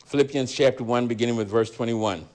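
A man teaching a Bible study sermon in a deliberate, emphatic way, repeating his key lines. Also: mid-range voice, darkish tone.

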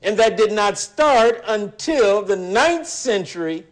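A man teaching a Bible study sermon in a deliberate, emphatic way, repeating his key lines. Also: sits high, animated.

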